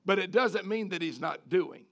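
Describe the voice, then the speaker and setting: High, gravelly male preacher. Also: normal speed. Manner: animated, repeats words, asks the congregation questions. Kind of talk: sermon.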